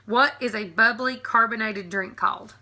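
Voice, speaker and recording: A woman in her thirties with a Southern American accent chats casually and giggles her way through an accent tag video, dropping frequent ums. Her voice runs on the high side at a moderate pace, with a sharp tone. She's a vlogger.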